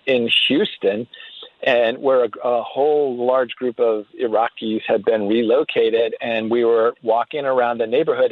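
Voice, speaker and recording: A man speaks earnestly over a tinny, phone-like line, and the sound is dry and close. His pitch sits in an ordinary middle range as he tells his story, often backing up to restart his sentences. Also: dry recording. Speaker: guest author. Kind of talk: radio interview storytelling.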